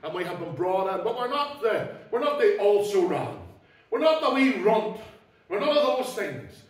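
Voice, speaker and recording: A man preaching a sermon as pastor, emphatic, swinging between loud declarations and low, quiet asides. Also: sing-song, moderate pace. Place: church. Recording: echoey church hall, mic at a distance.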